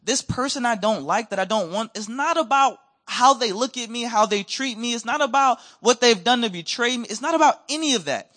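A man preaching a sermon as a missionary, telling stories in a lively conversational way and acting out what others said. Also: very high-pitched, a little fast, hardly any pauses. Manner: animated, acts out quoted voices, conversational. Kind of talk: storytelling sermon. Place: church.

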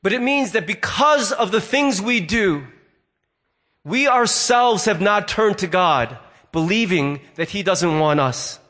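A man's voice: high voice, expressive, a little slow, bright, forceful tone. A male pastor giving a sermon, telling a story and briefly voicing the people in it. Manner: storytelling, acts out voices in quotes.

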